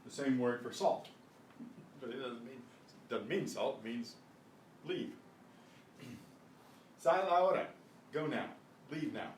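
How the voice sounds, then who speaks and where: An older man teaching a Spanish class, slow and patient, often clearing his throat, recorded from a distance. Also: medium pitch, a little mellow. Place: classroom at a senior center. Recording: echoey room, mic at a distance, faint noise.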